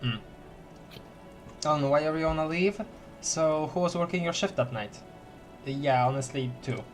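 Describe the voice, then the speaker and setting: A man's voice: fairly high pitch, normal speed, faint music behind. A man streaming a story game, reading dialogue aloud with lots of giggles and playful repeated words.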